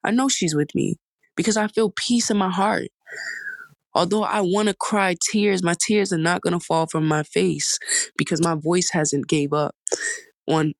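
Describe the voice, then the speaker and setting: A woman's voice: low-pitched, vocal fry, dry recording. A woman in her twenties hosting a podcast, talking in a heartfelt, rambling way with emphatic repetition. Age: 20s. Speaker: podcast host. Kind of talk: casual storytime monologue.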